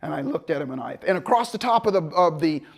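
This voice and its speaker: A man telling a story as a motivational speaker, animated and conversational. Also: a little high, fast, creaky. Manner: animated, conversational, acts out voices. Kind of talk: storytelling talk to an audience.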